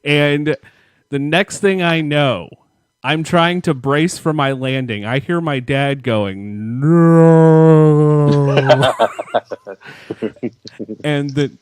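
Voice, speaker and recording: The recording is clean with no room sound, and this man's medium-pitched voice is a bit bright and slow. As a podcast co-host in a casual storytelling chat, he rambles through a long, profane childhood tale and laughs at himself.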